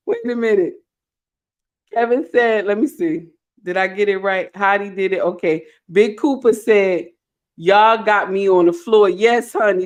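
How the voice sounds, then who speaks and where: A middle-aged woman hosting a live stream, reading viewer comments aloud with animated, playful scolding. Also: medium pitch. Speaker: host.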